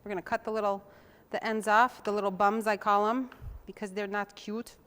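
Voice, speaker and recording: A woman's voice: medium pitch, little pitch movement, a little fast, a bit bright, clear, resonant tone. A young woman hosting a TV cooking show, chatting in a homey way while she chops and mixes. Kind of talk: casual cooking demonstration.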